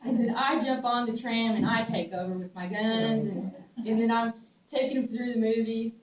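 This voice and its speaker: A middle-aged woman with a Southern US twang, telling stories in a casual, animated way, laughing often and restarting her sentences. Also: on the high side, normal speed. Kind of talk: casual storytelling. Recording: echoey room, distant mic, faint ambient noise.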